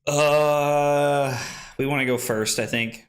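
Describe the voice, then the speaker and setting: A young man streaming a card game, chatting casually, excitable, laughing and swearing freely as he plays. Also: on the high side, takes it slowly. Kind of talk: casual live-stream chat while playing.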